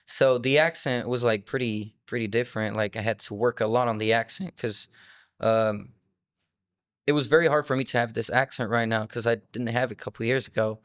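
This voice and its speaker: Young man, twenties, from France, French native speaker, musician guest, rambling casual talk, mid pitch, dry close sound. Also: fairly even intonation, a little fast, a bit bright, clean tone, no room sound. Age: 20s. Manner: loose, rambling storytelling with many "like" fillers. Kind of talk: casual interview chat.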